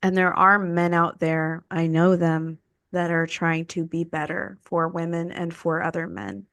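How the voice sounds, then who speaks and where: A woman in casual podcast chat who talks softly, searching for her words with many fillers. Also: lowish voice, little pitch movement, measured pace, no room sound.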